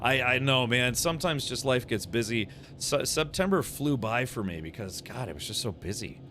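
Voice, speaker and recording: A man's voice: mid-range voice, expressive, moderate pace, pushed and bright, slight background noise. Casual rambling male game streamer. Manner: casual, rambling, reacts aloud while playing. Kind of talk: gaming livestream commentary, chatting with viewers. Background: game music.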